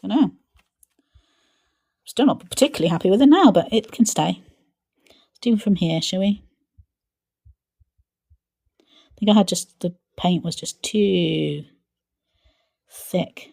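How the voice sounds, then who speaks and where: A woman paints live on her channel and chats to herself the whole way through, playful and easygoing. Her voice sits in a middle pitch, and at times she drops to a quiet mutter as she works. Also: takes it slowly, creaky, pauses often. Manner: chatty, talks to herself while painting, playful. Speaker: art channel host.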